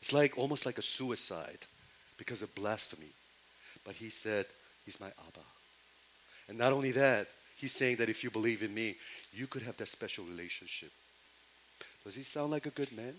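Guy preaching, keeps asking the crowd stuff, gets loud on quotes. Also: lowish voice, animated, moderate pace, slight background noise, rough recording. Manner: questions the audience again and again, rising loud on quoted lines. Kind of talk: sermon.

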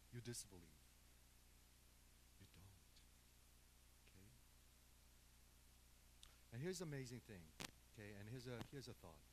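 A man preaching a sermon who swings between quiet, hushed murmurs and loud, emphatic outbursts, often checking in with his congregation. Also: medium pitch, a little hiss or hum, low-quality recording. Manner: keeps checking in with the congregation with "okay?" and "people". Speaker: pastor.

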